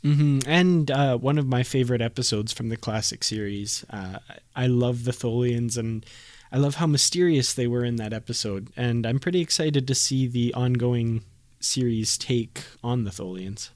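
Male podcast co-host, mid-pitched, measured and friendly, dry close mic. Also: darkish tone, no room sound. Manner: measured, friendly, laughs easily. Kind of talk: casual podcast discussion.

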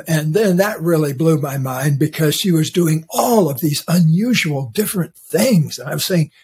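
Husky older man hosting a podcast. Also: fairly high pitch. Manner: warm, meandering storytelling with fillers. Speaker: podcast host. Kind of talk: casual interview chat.

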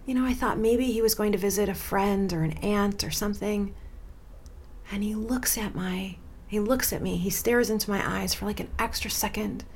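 A woman in her forties hosting a podcast, telling a personal story in a dramatic, expressive way. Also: mid-range voice, normal speed, a little hiss or hum. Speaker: podcast host.

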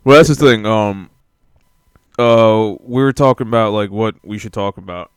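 Male podcast host, relaxed joker, lowish smooth voice. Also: moderate pace, no room sound, studio quality. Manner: laid-back, joking, laughs often. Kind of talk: casual chat.

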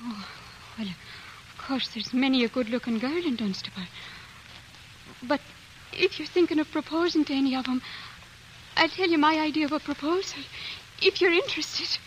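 A woman's voice: sits high, expressive, moderate pace, long pauses, a bit bright, slight background noise, rough recording. An actress playing a playful young woman in a 1940s radio drama, coy and teasing.

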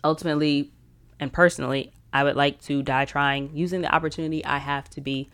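A woman's voice: deep voice, fairly even intonation, brisk, fairly bright tone, clean tone. A woman hosting a podcast, chatting casually, rambling and laughing often. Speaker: podcast host.

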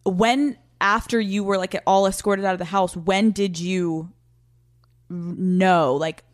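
A woman's voice: mid-range voice, steady tone, slow, no room sound, studio quality. A woman hosting a podcast interview, asking casual, blunt follow-up questions. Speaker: podcast host.

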